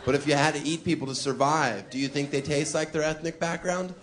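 A cheeky male stand-up comedian performs a live routine on a comedy club stage amid a noisy crowd. His voice is a little high and a little fast, and he drops deadpan asides while laughing at his own jokes.

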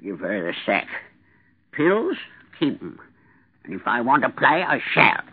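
A man's voice: medium pitch, huge pitch swings, a little slow, breathy edge, heavily acted. An actor playing a cantankerous, willful rich man of ninety-three who grumbles with childlike defiance, in a radio drama. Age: older. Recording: phone-like lo-fi radio recording.

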